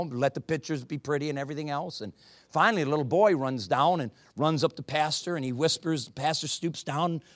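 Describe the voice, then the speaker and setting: A man's voice: mid-range voice, a bit bright, dry recording, studio quality. A man preaching a sermon, telling a story and building to emphatic, impassioned appeals.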